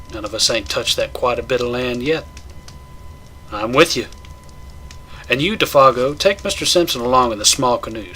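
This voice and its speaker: A man's voice: mid-range voice, slight background noise. A man voicing a confident, bossy backwoods hunt organizer who speaks in a nasal, emphatic way. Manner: energetic, emphatic.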